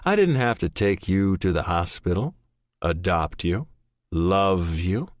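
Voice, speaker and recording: A man narrating an audiobook, voicing a calm, steady middle-aged adoptive father who speaks earnestly and firmly, recorded dry and close. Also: sits low, no room sound. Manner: earnest and measured, rising to stern. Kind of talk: audiobook character voice.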